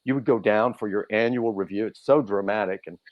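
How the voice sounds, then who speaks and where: A man telling stories as a podcast guest, animated and lively, throwing his voice up high when he acts out what people said. The sound is a little dull and lo-fi. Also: fairly quick. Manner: animated, acts out quotes with big swings in pitch. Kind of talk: casual storytelling.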